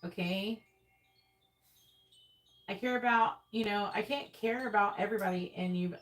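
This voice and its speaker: A woman's voice: medium pitch, moderate pace, pauses often, low-quality recording. Blunt, profane woman tarot reader. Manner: blunt, profane, exasperated ranting. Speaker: tarot reader hosting a livestream. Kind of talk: casual livestream talk. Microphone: earbuds.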